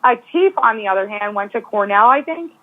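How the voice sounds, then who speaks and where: A woman's voice: mid-range voice, expressive, brisk. A woman guest giving speculative, opinionated views in a casual true-crime discussion over a phone call. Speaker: guest commentator. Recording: tinny phone line.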